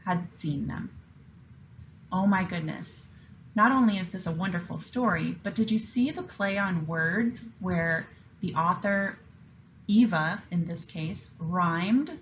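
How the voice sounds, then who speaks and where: A woman teacher reads a picture book aloud with expressive enthusiasm and explains a writing lesson to young students. Her voice sits on the low side, and the muffled recording carries a little hiss or hum.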